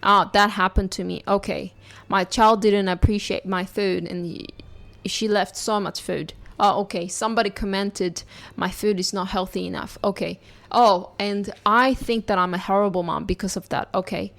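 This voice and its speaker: A woman's voice: mid-range voice, steady tone, moderate pace, creaky, a bit bright. A young woman hosting a podcast, a mother who speaks to listeners in an earnest, reassuring, encouraging way.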